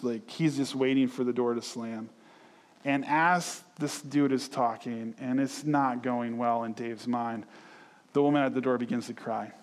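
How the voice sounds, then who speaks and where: Pastor, male, casual storytelling sermon, mid-pitched, church hall reverb. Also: moderate pace. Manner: conversational, storytelling, animated acted quotes.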